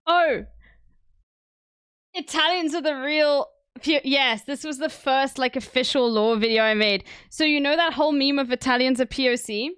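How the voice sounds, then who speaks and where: Woman, young adult, streamer, casual chat, high-pitched, laughing often. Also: normal speed, fairly bright tone, dry recording, clean studio sound. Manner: chatty, laughs often, loose filler words.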